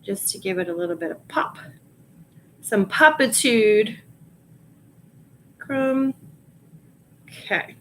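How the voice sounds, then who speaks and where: On a rough-sounding livestream with poor audio and a little background noise, a Long Island woman lists resale items, talking casually and reading pieces of her work aloud to herself while typing. She's medium-pitched and animated, speaking at a normal speed but pausing often.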